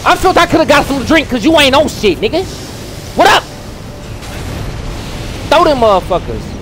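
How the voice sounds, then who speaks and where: A man hosting a gaming channel, giving live gameplay commentary full of animated trash talk and loud outbursts. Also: extremely high pitch, normal speed, noisy background.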